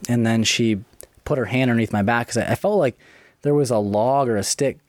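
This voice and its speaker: A young man casually telling his own story, profane and chatty, with quick asides. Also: mid-range voice, darkish tone, no echo, clean studio sound.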